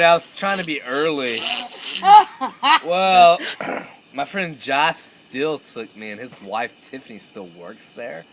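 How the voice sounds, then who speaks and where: A young man tells a crude comic story, laughing at his own punchlines. His voice sits fairly high, bright and forceful, swinging widely in pitch. Faint crickets chirp behind him outdoors at night. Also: a little hiss or hum, rough recording. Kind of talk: casual comic anecdote.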